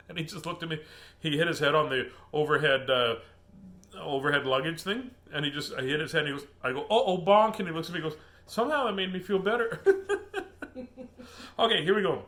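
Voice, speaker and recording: A middle-aged man hosts a casual reading of children's books aloud, his voice on the high side, pushed and bright, and a little fast. He's chatty and laughs a lot, rambling whenever he gets sidetracked.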